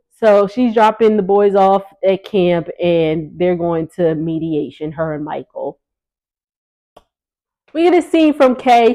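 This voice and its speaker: A woman's voice: on the low side, warm tone, poor audio. Sassy chatty woman vlogger. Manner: chatty, sassy, laughs often. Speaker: recap vlogger. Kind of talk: casual reality TV recap. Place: home sitting area by the kitchen.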